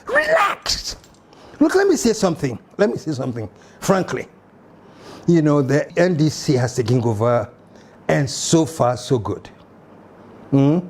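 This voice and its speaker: A man with a Ghanaian English accent hosting a political commentary show, emphatic and animated with mocking asides. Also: medium pitch, a little slow, long pauses, slight background noise.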